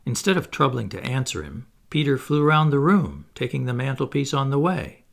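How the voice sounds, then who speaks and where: Gravelly, expressive male storyteller. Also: medium pitch, moderate pace. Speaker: audiobook reader. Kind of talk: storybook narration.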